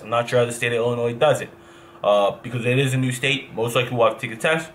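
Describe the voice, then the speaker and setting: A young man from New Jersey, a professional gamer, telling a rambling, animated story in a casual vlog and swearing as he backtracks. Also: medium pitch, fast, slight background noise.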